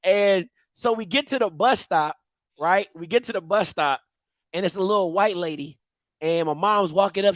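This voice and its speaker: A man's voice: sits high, moderate pace, no room sound. A young man telling a childhood story on a talk show, acting out his younger self with screams and laughter. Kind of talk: animated storytelling.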